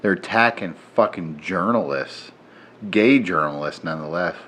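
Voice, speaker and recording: A tipsy man co-hosting a podcast in casual chat, joking loudly, laughing and swearing a lot. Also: low-pitched, moderate pace. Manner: loud, profane, joking, laughs often. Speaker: podcast co-host.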